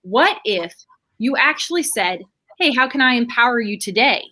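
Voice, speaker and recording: A woman's voice: a little high, expressive, moderate pace, bright, forceful tone. A woman on a video call sharing business tips in an earnest, coaching tone, with frequent fillers. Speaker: panelist. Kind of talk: casual chat.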